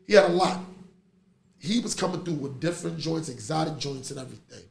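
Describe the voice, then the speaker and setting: A middle-aged man, hosting a podcast in casual chat and telling stories with animated energy. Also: on the high side, fairly quick, vocal fry. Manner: animated storytelling, laughs through stories. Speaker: podcast host. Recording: echoey room with faint noise.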